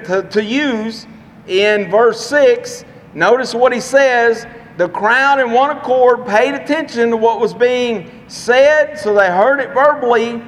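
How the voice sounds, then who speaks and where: A man preaching a sermon, telling a personal story in a folksy, earnest way with dramatic pauses. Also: very high-pitched, fairly bright tone. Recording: long reverb, faint background noise.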